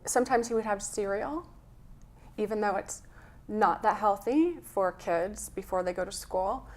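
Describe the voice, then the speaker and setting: Woman guest, earnest and warm-hearted storyteller, plain mid voice. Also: mid-range voice, unhurried. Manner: earnest, storytelling, a little emotional. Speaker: health coach guest. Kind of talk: conversational interview.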